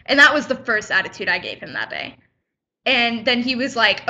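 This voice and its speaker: Indignant teen girl vlogging, bright voice. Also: on the high side, lively intonation, normal speed, dull audio. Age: teens. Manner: indignant, chatty retelling with quoted back-and-forth. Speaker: high school student vlogger. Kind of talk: casual vlog storytelling.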